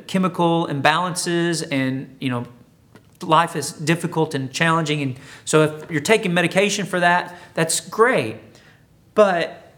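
A man preaching a sermon, retelling a scripture story in a relaxed, conversational and humorous way. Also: a little high. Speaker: pastor.

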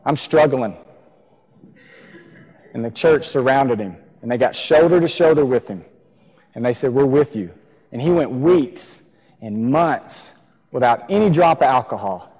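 A man's voice: mid-range voice, animated, normal speed, darkish tone, breathy edge. A man preaching a sermon in a church, earnest, repeating key phrases for emphasis. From Texas. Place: church sanctuary. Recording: long reverb of a church hall.

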